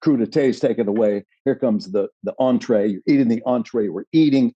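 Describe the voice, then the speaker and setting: A male guest telling stories in casual chat, animated and acting out other people's voices. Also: mid-range voice, brisk, hardly any pauses, slightly rough, dry recording, lo-fi sound.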